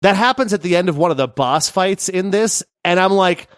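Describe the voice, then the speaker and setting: Man, podcast co-host, casual chat, fairly high voice, dry close sound. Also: normal speed, clear, resonant tone, dry recording. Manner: chatty and animated, laughs easily.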